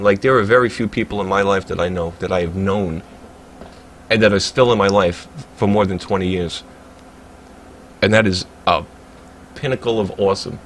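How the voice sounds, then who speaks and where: A man's voice: on the low side, slight background noise. A man, a livestreamer ranting in a heated, profane, rambling way during casual chat. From Staten Island, New York.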